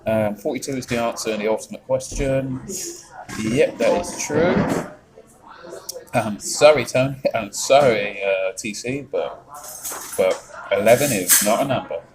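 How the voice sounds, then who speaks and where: A man's voice: on the low side, moderate pace, background noise. A man with a Yorkshire accent chatting on a live stream, rambling, swearing freely and reading out chat messages. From England.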